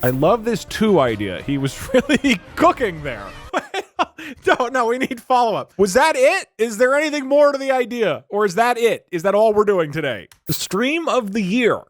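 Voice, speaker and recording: An excitable man in his thirties hosting a live stream, his voice a little high and bouncing widely in pitch. He reacts with mock disbelief and frequent laughter. Soft music plays underneath. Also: moderate pace, no echo. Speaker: streamer host. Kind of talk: casual live-stream chat.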